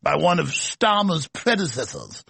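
A man's voice: a little high, huge pitch swings, a little slow, gravelly, a bit bright, breathy edge, no echo. A man hosting a political commentary show, delivering a sarcastic, combative rant. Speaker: show host.

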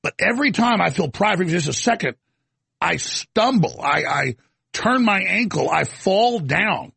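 Male show host with a husky, somewhat high voice, talking off the cuff in long, rambling stretches with stuttered restarts. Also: animated, a little slow, bright, forceful tone, no echo. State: coughing, throat irritated. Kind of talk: off-the-cuff commentary monologue.

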